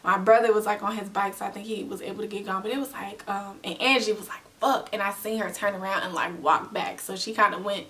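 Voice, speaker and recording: A young woman telling a storytime vlog in a casual, animated way, full of slang and acted-out quotes. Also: medium pitch, fast talker, hardly any pauses, distant mic, a little hiss or hum. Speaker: vlogger.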